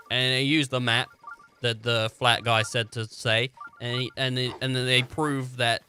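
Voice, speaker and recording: A man's voice: medium pitch, a little slow, bright, forceful tone, a little hiss or hum. A man giving rambling, joking commentary over a video game, breaking into laughter now and then. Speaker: gaming streamer.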